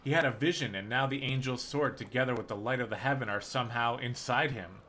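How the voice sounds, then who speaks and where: A man's voice: mid-range voice, lively intonation, fast, pushed and bright, a little hiss or hum. A man reading the lines of an eager, hasty, half-scaled mongrel man in a game, in an urgent, raised, pleading voice.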